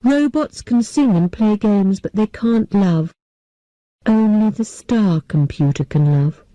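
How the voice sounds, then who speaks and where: A woman reading a simple graded story aloud for English learners, in short, clear, evenly paced sentences. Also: medium pitch, slow pace, dark tone, no echo, low-quality recording. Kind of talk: scripted narration for English learners.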